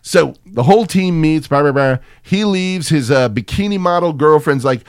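A man's voice: a little high, lively intonation, moderate pace, clear, resonant tone, dry recording. Male podcast co-host: profane, jokey movie riffer, dry booth sound. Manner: profane, jokey, slips into mock voices. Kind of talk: casual movie-riffing chat.

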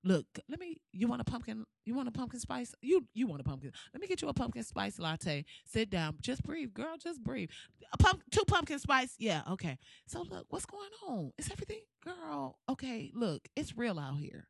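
A woman voicing a calm woman who soothes an upset customer in a coffee shop, speaking in a soft, coaxing, hushed way. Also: on the high side, normal speed, vocal fry, breathy edge, no room sound, studio quality, exaggerated voice.

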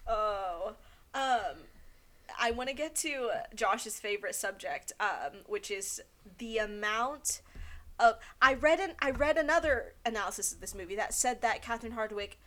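A woman co-hosting a podcast in casual chat, excitable and gushing, with lots of fillers and laughter. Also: on the high side, unhurried. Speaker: podcast co-host.

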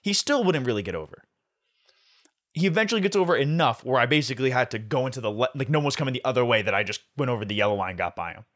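A young man hosting a podcast, telling a story in a profane, animated way. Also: medium pitch, very fast. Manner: profane, animated storyteller who swears often. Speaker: podcast host. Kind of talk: casual storytelling chat.

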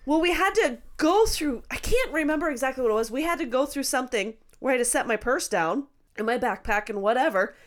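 A woman co-hosting a casual podcast, reacting expressively and telling her own anecdote. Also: sits high. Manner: reacts with quick interjections and laughter, expressive. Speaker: podcast co-host. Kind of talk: casual chat.

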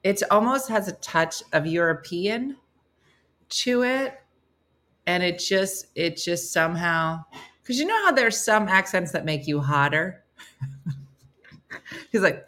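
A woman's voice: on the low side, takes it slowly, pauses often. A woman with a New Jersey accent hosting a casual live-stream morning show, joking and laughing as she reads viewer comments aloud. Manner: animated, joking, laughs often.

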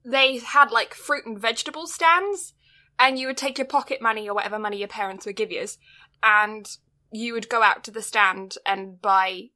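British woman podcast co-host, kinda high voice, casual rambly chat. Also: bright, forceful tone. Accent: British English. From Britain. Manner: chatty storyteller, quick asides and laughs.

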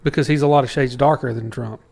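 A man's voice: mid-range voice, fairly even intonation, quick pace, creaky, darkish tone. A young man co-hosting a podcast, joking bluntly in casual banter. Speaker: podcast co-host. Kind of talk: casual chat.

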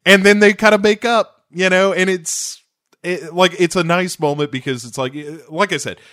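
A man's voice: medium pitch, a bit bright, dry recording, studio quality. A man co-hosting a podcast, casually recapping a TV episode, acting out the characters' lines and swearing freely. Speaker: podcast co-host.

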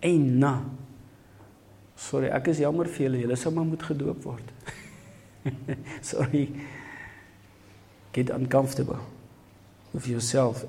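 A man preaching a sermon, emphatic and energetic, switching between two languages. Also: mid-range voice, a little slow, long pauses.

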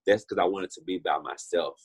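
Low, husky-voiced young man. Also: fairly quick. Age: 20s. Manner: earnest, heartfelt, repeats himself often. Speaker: interview guest. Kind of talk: personal testimony in conversation.

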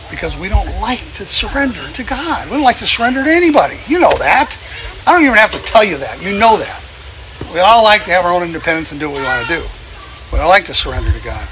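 A man gives an outdoor sermon in a folksy, easygoing manner. He chuckles as he talks and builds his points by repeating phrases. Birds and a steady hiss of outdoor noise sit behind his voice. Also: on the high side. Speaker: preacher. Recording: noisy outdoor recording.

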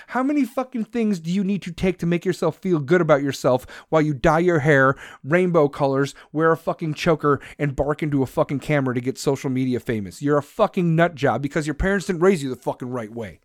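A man's voice: fairly high pitch, animated, fairly quick, few pauses, no echo, clean studio sound. A man delivering an angry, profane rant to camera, aggressive and swearing constantly. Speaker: vlogger.

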